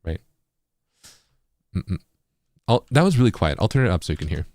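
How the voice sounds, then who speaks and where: A man's voice: low-pitched, big pitch swings, normal speed, a little mellow, no room sound, clean studio sound. A man who produces music talks casually through a tutorial stream and keeps checking in with "right?". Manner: explanatory, keeps asking "right?".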